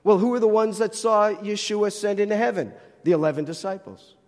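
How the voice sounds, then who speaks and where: A man's voice: high voice, a little fast, darkish tone, in a large hall. A man with a New Jersey accent teaching a sermon, explaining the text and posing rhetorical questions. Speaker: Bible teacher.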